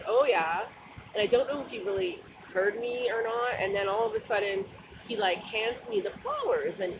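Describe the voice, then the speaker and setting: A woman's voice: on the low side, background noise. A woman vlogger telling a funny, embarrassing story in a rambling, casual way, full of fillers, from a bus stop outdoors.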